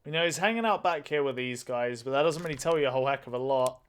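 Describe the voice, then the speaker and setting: A man's voice: medium pitch, fast, clean tone. Swearing man doing game commentary. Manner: thinking aloud, swears freely. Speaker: let's play host. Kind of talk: gaming commentary.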